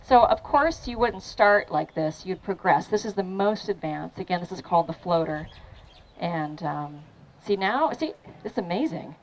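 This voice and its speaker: A woman fitness trainer running a lively training demo for a crowd at an outdoor event, encouraging and laughing often. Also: on the low side, moderate pace, slight background noise, low-quality recording.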